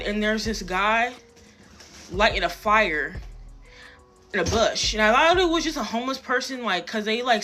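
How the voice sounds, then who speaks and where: A young woman from the Tacoma, Washington area tells a rambling personal story laced with profanity, casual and self-deprecating, acting out what people said. Her medium-pitched voice sounds pushed and bright.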